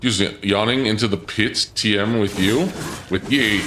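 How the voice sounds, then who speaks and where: Low-voiced guy chatting through a game stream, kinda roomy sound, faint hum behind. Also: normal speed. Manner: chatty, thinks aloud, answers chat. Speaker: gaming streamer. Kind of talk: casual live-stream commentary.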